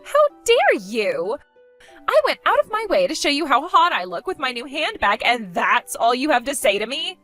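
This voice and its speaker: A woman's voice: high-pitched, sing-song, normal speed, sharp tone, faint music behind, exaggerated voice. A woman voicing a spoiled, vain young woman who gloats, insults and giggles in a text-story skit. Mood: demanding.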